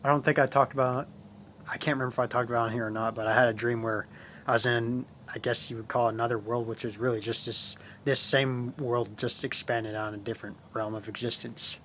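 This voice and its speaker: A man's voice: medium pitch, fairly even intonation, fairly quick, fairly bright tone, a little hiss or hum. A man hosting his own channel, talking casually and at length about spiritual ideas, often repeating himself and calling his viewers guys. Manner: rambling, repeats phrases, addresses viewers as guys.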